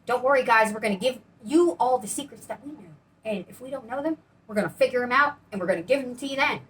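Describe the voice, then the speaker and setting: Here a woman talks fast in a slightly high, fairly bright voice. As a painting channel co-host, she demonstrates paint pouring while chatting in a bubbly, rambling manner, recorded on a distant mic with faint noise behind her.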